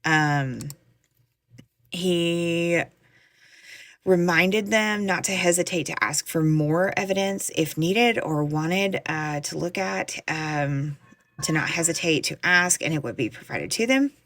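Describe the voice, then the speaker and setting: Chatty woman, low dry voice. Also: takes it slowly, a bit bright, no room sound. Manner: chatty, emphatic, fillers and restarts. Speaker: true crime content creator. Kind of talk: casual vlog update.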